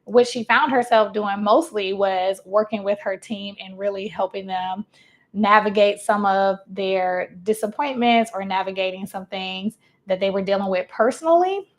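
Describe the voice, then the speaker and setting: Woman life coach in an easy, talky voice. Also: medium pitch. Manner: conversational, acts out clients' quotes, laughs often. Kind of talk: casual motivational talk to camera.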